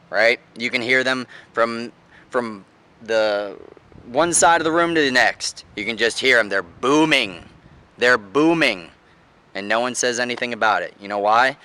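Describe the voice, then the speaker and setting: A male life coach talks straight to the camera in a motivational lesson. His voice is bright and forceful at a middle pitch. He breaks into acted-out examples to show each way of speaking. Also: smooth. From United States. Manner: demonstrates voice tones with exaggerated examples.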